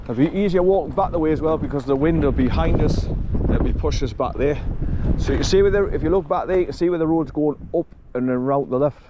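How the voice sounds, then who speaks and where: A man's voice: on the high side, quick pace, few pauses. Chatty older man. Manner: chatty, laughs often, coos at his dog. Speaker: vlogger walking his dog. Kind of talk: casual outdoor vlog chat. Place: outdoors by a river road in wind. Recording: wind noise outdoors.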